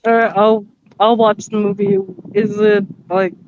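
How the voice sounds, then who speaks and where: A woman's voice: mid-range voice, level tone, a little slow, a little mellow, lo-fi sound, slight background noise. A young woman in a casual chat, giggly and slangy as she tells stories.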